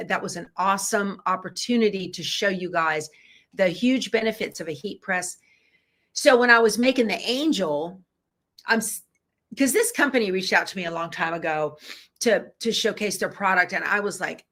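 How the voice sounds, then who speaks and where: Bright-voiced chatty woman. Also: mid-range voice, normal speed. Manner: chatty, folksy, reads out viewer comments. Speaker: quilting channel host. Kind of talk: casual live-stream chat with viewers.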